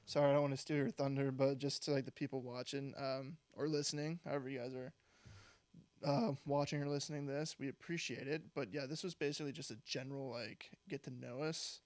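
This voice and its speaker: A man's voice: mid-range voice, steady tone, fairly quick, a little mellow, dry recording. A young man co-hosting a podcast, chatting casually and rambling through stories with lots of "like" and laughter. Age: young adult. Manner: rambling storytelling with frequent "like" and laughs. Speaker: podcast co-host. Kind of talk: casual chat.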